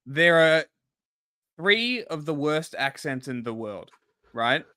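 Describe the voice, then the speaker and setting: A man talks slowly on a live stream but with a lively, swinging pitch. His remarks are blunt and opinionated. His voice is bright and forceful, recorded dry and close. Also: clear, resonant tone, no room sound. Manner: blunt and opinionated, laughs often. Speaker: co-host of a reaction stream. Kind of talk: casual chat.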